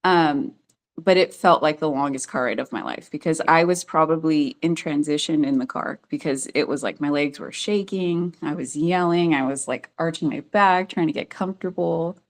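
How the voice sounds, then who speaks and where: A woman's voice: low-pitched, moderate pace. A woman telling her own story as a podcast guest, chatty and full of fillers, often laughing as she goes. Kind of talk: casual storytelling.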